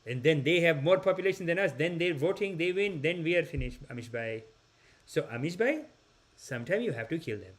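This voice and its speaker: A soft-spoken, very polite young man talks calmly in circles, as a man puts him on. The voice sits higher than plain speech and stays gentle. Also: normal speed, few pauses, husky, heavily acted. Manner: sweet and polite, calmly repetitive. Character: overly polite young man with chilling views.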